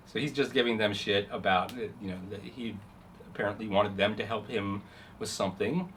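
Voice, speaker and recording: Guy running a dnd game, rambly, lots of uhs, normal pitch, faint noise behind. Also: fairly even intonation, fairly quick. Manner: rambling, many fillers, laughs at own jokes. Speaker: game master. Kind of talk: narrating a tabletop game.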